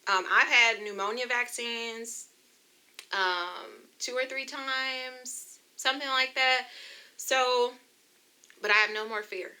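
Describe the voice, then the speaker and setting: A woman's voice: fairly high pitch, slow pace, bright, forceful tone. A young adult woman from the United States telling her own story in a chatty, emotional vlog, talking straight to her viewers. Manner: emotional, chatty, addresses viewers as you guys. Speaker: vlogger. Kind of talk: personal testimony vlog.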